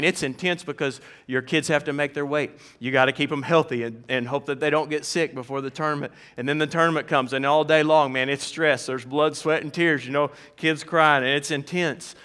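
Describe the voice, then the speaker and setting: A middle-aged man preaching a sermon as pastor, folksy and animated, talking straight to his congregation. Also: on the high side, clear, resonant tone. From American South.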